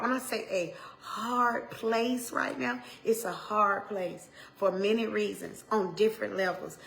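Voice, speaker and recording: A woman minister with an Atlanta accent, preaching in a heartfelt talk that swings from hushed tones to loud exhortation, with Southern turns of phrase and repeated lines. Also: medium pitch, gravelly. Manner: impassioned, swings from hushed to shouting.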